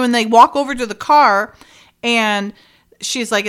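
A woman's voice: a little high, moderate pace, clean tone. A woman hosting a casual podcast chat, retelling a show's plot with acted-out dialogue and frequent laughter. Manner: animated retelling, acts out dialogue, laughs often. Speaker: podcast host recapping a TV episode.

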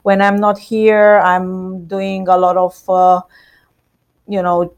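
Slow-speaking Romanian-accented woman. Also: medium pitch. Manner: non-native phrasing, many hesitations. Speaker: macaron shop owner. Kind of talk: interview answers.

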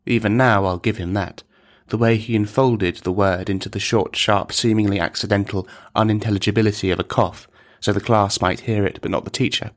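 This is scripted narration of a dark comic tale, delivered by a low-voiced man in measured, deadpan fashion.

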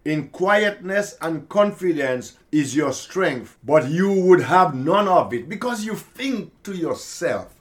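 A man preaching slowly and emphatically on a podcast, repeating key phrases for weight. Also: on the high side, lively intonation. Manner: slow, emphatic preaching with repetition. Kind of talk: podcast sermon.

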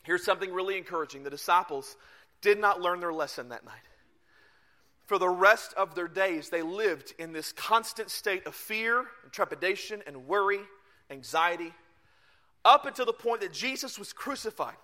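Bright, high-voiced animated male preacher. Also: normal speed. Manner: animated storytelling, bursts into shouts. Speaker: pastor. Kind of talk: sermon.

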